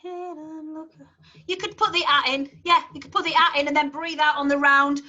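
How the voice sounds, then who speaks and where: A woman's voice: high voice, steady tone, fast talker, bright, forceful tone, lo-fi sound. A woman with a Yorkshire accent, a choir leader explaining a song to her singers in a chatty, encouraging way. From Yorkshire, England. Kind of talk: online rehearsal instruction.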